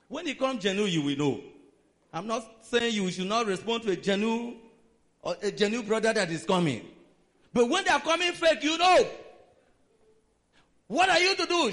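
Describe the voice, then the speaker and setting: High-voiced, animated preacher. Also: male voice, moderate pace, long pauses. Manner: dramatic, emphatic preaching. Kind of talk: sermon.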